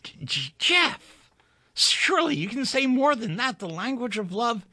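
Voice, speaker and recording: A man's voice: sing-song, measured pace, dry recording, clean studio sound, heavily acted. A man voicing a tender, heartbroken young woman. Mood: pleading. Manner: soft, breathy endearments turning to high pleading. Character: young woman in love, tender then hurt.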